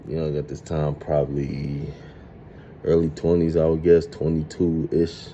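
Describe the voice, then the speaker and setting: A man in his thirties telling a streetwise, profane story in a casual, animated monologue. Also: extremely low pitch, measured pace, a little hiss or hum. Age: 30s. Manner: streetwise, profane, animated retelling with acted quotes.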